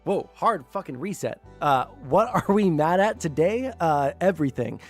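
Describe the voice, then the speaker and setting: A man's voice: fairly high pitch, animated, normal speed, faint music behind. A young man live-streaming casual chat while gaming, swearing constantly and ranting heatedly with self-mocking asides.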